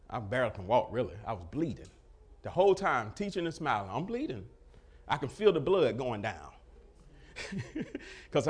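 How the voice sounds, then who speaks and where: A man's voice: medium pitch, breathy edge. A middle-aged man preaching a testimony sermon, acting out the dialogue and breaking into laughter as he tells it. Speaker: pastor.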